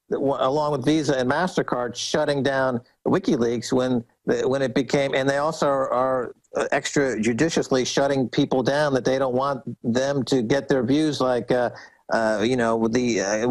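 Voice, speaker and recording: A man's voice: mid-range voice, rough recording. A man as a guest commentator on a talk show, ranting with mocking sarcasm and many restarts.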